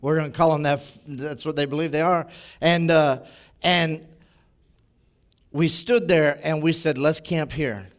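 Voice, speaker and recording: A man preaching a sermon as pastor, telling a personal story in a conversational, animated way. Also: a little high, unhurried, pauses often, clean tone.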